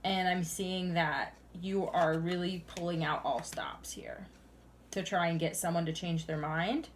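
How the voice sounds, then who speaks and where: A woman's voice: lowish voice, steady tone, unhurried, slight background noise. A young woman doing a tarot reading to camera, earnest and chatty, sighing now and then between cards. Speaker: tarot reader.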